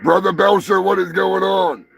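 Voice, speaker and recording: A man hosting a live show, ranting crudely and swearing constantly, with bursts of shouting. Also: high voice, flat delivery, normal speed, creaky, soft background music. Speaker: show host. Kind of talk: profane live-stream rant.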